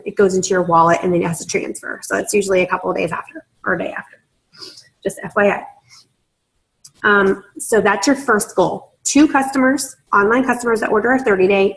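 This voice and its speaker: A woman's voice: mid-range voice, rough recording. A woman runs a sales training in a persuasive, chatty manner. She often checks in with her audience as she explains things step by step. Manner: persuasive, conversational, checks in with "right?" and "you understand?". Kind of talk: training talk to a group.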